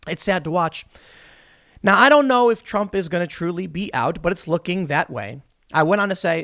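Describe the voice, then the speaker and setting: A man's voice: sits high, animated, normal speed, gravelly, a bit bright. A man in his thirties hosting a solo political commentary show, talking in a sarcastic, mocking way.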